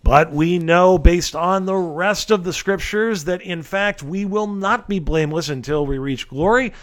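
High-voiced man preaching earnestly. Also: unhurried. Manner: earnest and emphatic, with folksy asides. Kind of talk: expository sermon.

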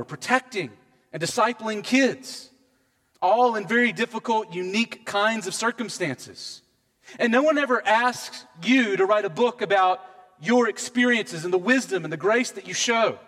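A man preaching a sermon as pastor, in a conversational, measured manner. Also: sits high, a bit bright, long reverb tail.

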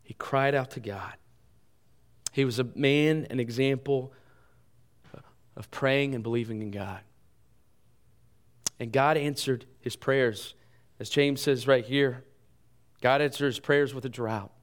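A male pastor preaching a sermon in an earnest way, rising in emphasis and then dropping soft and low in his closing appeal. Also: takes it slowly, pauses often.

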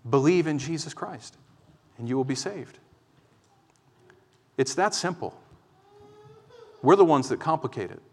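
A man preaches from the pulpit with a high voice, pleading and urgent one moment, calmly explaining the next. His words ring out with a long reverb through the church hall. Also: unhurried, pauses often. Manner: impassioned, pleading, swings from loud exhortation to quiet explanation. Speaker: pastor. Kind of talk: sermon.

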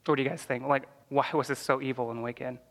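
A man's voice: medium pitch, fairly even intonation, quick pace, a bit bright, big-room sound. A man teaching a church Bible class in a conversational way, full of "like" fillers and questions to the class.

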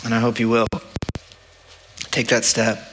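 A male pastor gives a sermon with a bright, forceful voice at an ordinary middle pitch. His delivery is plain and conversational, and he keeps tossing "right?" to the congregation. The sound rings with a long church-hall reverb. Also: completely flat delivery, measured pace, a little hiss or hum. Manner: conversational, practical, with frequent "right?" asides.

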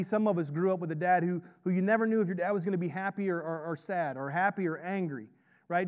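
A pastor and chaplain preaches a sermon in a slightly high voice, speaking conversationally and drawing the congregation in with frequent "right?" questions. The audio sounds dull.

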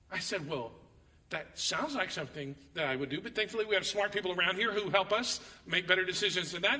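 A man preaching a sermon as pastor, reading scripture dramatically and telling stories with animated, acted-out quotes. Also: high voice, fairly quick, in a large hall, far from the mic.

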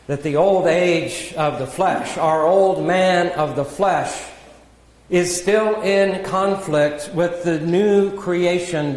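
A man preaching a sermon in a measured, earnest teaching manner, with self-deprecating asides. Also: a little high. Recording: echoey hall with long reverb.

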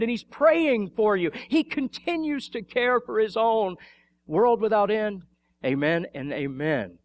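A male pastor preaching a sermon, fervent and emphatic, repeating phrases and swinging between loud swells and quiet drops. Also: a little high, dry recording.

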